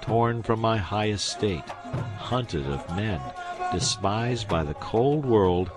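A man's voice: fairly low pitch, animated, takes it slowly, music in the background. A man voicing a pompous, self-pitying con-man duke who laments in grand, theatrical phrases.

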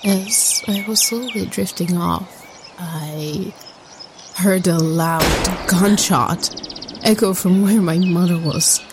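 Female narrator, slightly low, slow and soft, sombre storytelling over faint noise. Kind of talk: scripted first-person storytelling.

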